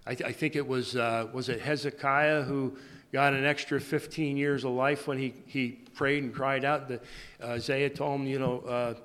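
A man giving a sermon in a halting way, often repeating and restarting his words. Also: mid-range voice, flat delivery, a bit bright. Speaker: preacher. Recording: long hall reverb.

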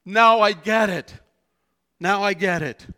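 A man's voice: fairly high pitch, expressive, a little slow, a bit bright, smooth, voice pushed up. A man playing a bewildered disciple. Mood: eager. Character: bewildered male disciple slowly catching on.

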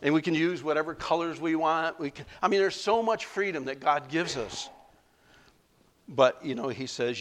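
Male pastor, casual sermon, slightly high voice, chatty, laughs a lot. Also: moderate pace, a bit bright. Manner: conversational preaching with frequent laughs and fillers.

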